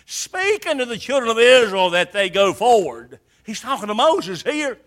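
High, lively-voiced preacher man. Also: normal speed. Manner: dramatic, swings from hushed to shouting. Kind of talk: sermon.

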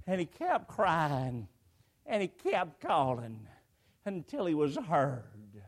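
A man's voice: a little high, very animated, slow pace. A man preaching a sermon to a congregation, emphatic, with repeated phrases and swelling cries. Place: church before a congregation.

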